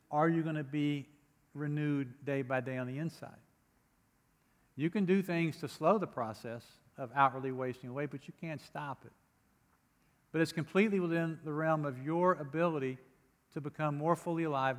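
A man's slightly high voice at a normal speed delivers a pastor's sermon, earnest and emphatic, with rising bursts on important phrases. Occasional light humor comes between readings, and the recording has a long hall reverb.

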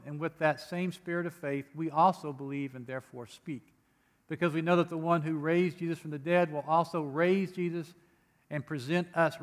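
A man preaching a sermon, earnest and emphatic, with occasional light humor between readings. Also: on the high side. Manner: earnest, emphatic preaching with rising bursts on key phrases. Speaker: pastor. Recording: long hall reverb.

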